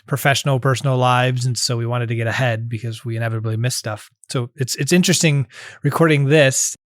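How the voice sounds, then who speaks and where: A man hosting a podcast, chatting in a relaxed way with small restarts. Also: mid-range voice, quick pace, dry recording, studio quality. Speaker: podcast host. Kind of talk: casual podcast chat.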